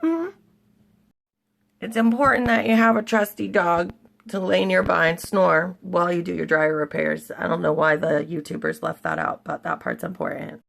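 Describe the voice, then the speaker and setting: A woman's voice: lowish voice, lively intonation, normal speed, gravelly, a bit bright. A woman chatting casually and jokingly to viewers as she repairs an appliance, talking folksy and loose while she works. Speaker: DIY vlogger. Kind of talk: casual how-to vlog.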